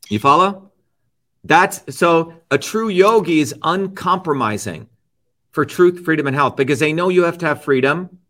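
Middle-aged guy being interviewed, slightly high voice, preachy and emphatic, keeps asking "right?". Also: a bit bright. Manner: lecturing, repeats key phrases. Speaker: interview guest. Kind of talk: argumentative interview talk.

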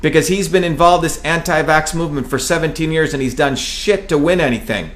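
A man from New Jersey talks in a driven, forceful way, punching out his points and swearing as he goes. His voice sits a little high for a man, and he keeps circling back to the same phrases for emphasis. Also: brisk. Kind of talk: heated political talk.

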